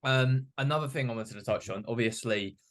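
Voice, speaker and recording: A man's voice: medium pitch, brisk, a bit bright. A young man hosting a podcast, talking reflectively in a rambling way full of "you know" and "like". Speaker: podcast host. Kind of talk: casual podcast chat.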